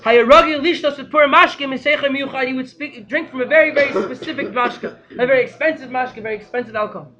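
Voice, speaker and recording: An excitable man teaches a storytelling Torah class in a high, bright voice that keeps breaking into shouts. He talks fast and sprinkles in Hebrew and Yiddish terms. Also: highs cut off.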